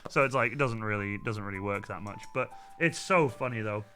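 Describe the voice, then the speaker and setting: Loud chatty man, bright voice. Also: fairly low pitch, fairly quick, faint music behind. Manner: loud, animated storyteller with swearing. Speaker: streamer and painting stream host. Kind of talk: casual chat while painting miniatures.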